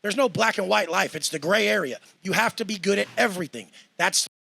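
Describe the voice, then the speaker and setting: A man's voice: sits high, a little fast, gravelly, pushed and bright. A man ranting in a cocky, profane way, mocking others in put-on voices. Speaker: guest in a clip being reacted to. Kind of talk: brash boastful rant.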